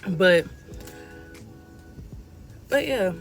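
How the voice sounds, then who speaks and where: A woman's voice: mid-range voice, animated, very slow, faint music behind. Rambling woman vlogging from her car. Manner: rambling, repeats "like I said". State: out of breath. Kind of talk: casual talk to camera. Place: parked car.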